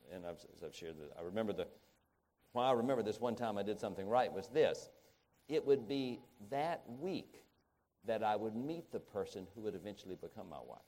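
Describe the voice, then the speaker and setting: Brief: middle-aged male preacher, low voice, halting restarts, bursts of emphasis. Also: darkish tone. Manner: rambling, halting with many restarts, rising to emphatic peaks. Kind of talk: sermon.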